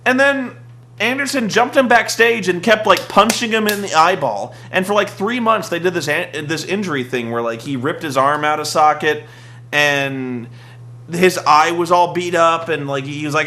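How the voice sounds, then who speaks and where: A man's voice: sits high, expressive, moderate pace. A young man rambling through a sarcastic, casual rant about a wrestling show, full of "like" and mocking asides. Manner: rambling, sarcastic, mocks with shouted impressions. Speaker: podcast host recapping wrestling.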